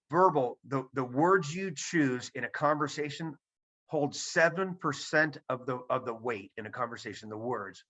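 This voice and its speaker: A man's voice: a little high, pushed and bright. A man giving a seminar talk to a virtual audience over a video call, emphatic and repeating his key points. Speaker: presenter. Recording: dull lo-fi sound.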